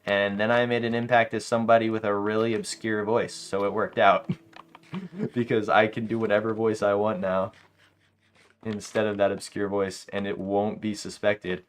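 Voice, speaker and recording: A young man streaming a game late at night, chatting casually to his viewers and telling animated, slangy stories. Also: fairly low pitch, normal speed. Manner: animated storytelling, slangy, laughs often. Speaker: live streamer. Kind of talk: casual livestream chat while gaming.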